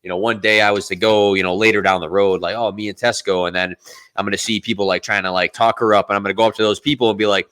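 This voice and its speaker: A man's voice: fairly low pitch, fairly even intonation, quick pace, fairly bright tone, clean tone. A man on a casual podcast, telling stories in a rambling way and acting out the dialogue. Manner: rambling storyteller who acts out dialogue. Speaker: podcast host.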